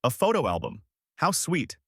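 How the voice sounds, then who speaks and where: A man's voice: on the high side, wildly swooping pitch, moderate pace, breathy edge, no room sound, studio quality, pitched above the performer's own voice, full character voice. A man voicing a fake-sweet young pregnant woman in a sing-song voice, during a narrated story.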